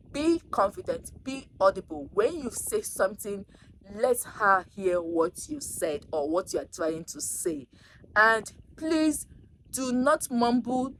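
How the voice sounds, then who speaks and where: Woman, vlogger, casual advice monologue, emphatic, teasing, medium pitch, faint background noise. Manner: expressive, emphatic, teasing, swings between loud and soft.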